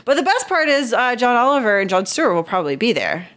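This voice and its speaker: A woman's voice: a little high, very animated, quick pace, a bit bright. A woman co-hosting a casual podcast, giggly and hesitant, with many fillers. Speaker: podcast co-host. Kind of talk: casual comedic chat.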